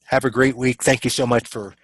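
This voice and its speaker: A man's voice: mid-range voice, little pitch movement, brisk, poor audio. A man giving a motivational coaching talk in a webinar, earnest and emphatic, repeating his key phrases. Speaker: business coach.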